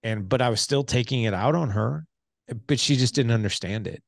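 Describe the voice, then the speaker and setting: A man's voice: mid-range voice, brisk, vocal fry, no room sound, clean studio sound. A middle-aged man, a podcast guest, telling an emotional personal story in a candid, casual way. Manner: candid, casual, many fillers like dude and man.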